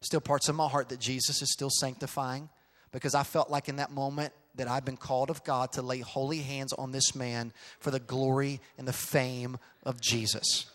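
A middle-aged male pastor telling a story in a sermon, swinging from quiet asides to loud, emphatic outbursts. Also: medium pitch, little pitch movement, normal speed. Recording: long reverb of a large hall.

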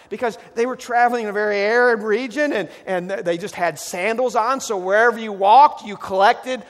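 Slightly high-voiced pastor preaching in a reverberant hall. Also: male voice. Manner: storytelling with wide swings from loud emphasis to hushed, soft delivery. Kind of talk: sermon. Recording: long reverb of a large hall.

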